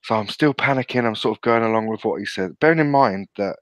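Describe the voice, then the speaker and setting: A man's voice: fairly low pitch, fast talker, a bit bright, no room sound, rough recording. A British man, a podcast co-host, telling a sweary story in casual chat and laughing often. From England.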